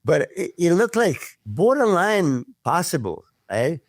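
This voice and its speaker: A man, a podcast guest telling stories in casual chat, animated, swearing freely and acting out what others said. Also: fairly high pitch, a little slow, dry recording, studio quality. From Serbia. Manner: animated storyteller who swears freely and acts out quotes. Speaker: podcast guest, former pro bodybuilder.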